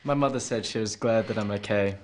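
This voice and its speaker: An actor playing David, an apologetic young man, in a scripted drama for English learners, speaking quietly and hesitantly. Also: lowish voice, a little fast, natural voice. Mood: subdued.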